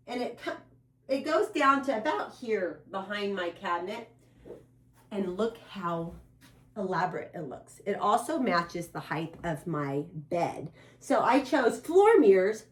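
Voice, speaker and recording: A middle-aged woman giving a casual home design tutorial in her bedroom, offering emphatic advice straight to her viewers. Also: mid-range voice. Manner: emphatic, animated advice with direct address to viewers.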